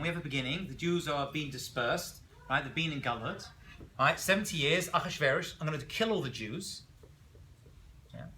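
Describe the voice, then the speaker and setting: Lively, animated rabbi teaching a class. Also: male voice, a little high, a little hiss or hum. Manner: animated storyteller, asks the class questions. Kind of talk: classroom lecture.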